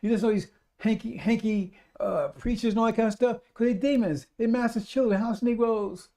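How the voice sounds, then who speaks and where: A man's voice: sits high, mellow. A man preaching a radio sermon, repeating himself emphatically and calling out to his brothers and sisters. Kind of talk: live-streamed radio sermon.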